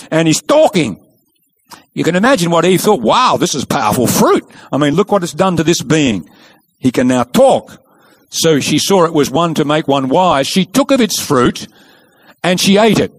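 A man preaching a sermon, telling the story in a lively way and acting out the quoted speech. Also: fairly high pitch.

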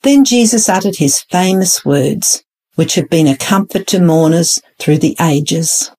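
A woman reading a scripted devotional Bible story in a measured, earnest way. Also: fairly low pitch, lively intonation, a little mellow, slightly rough. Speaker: devotional narrator. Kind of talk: scripted devotional narration with prayer.

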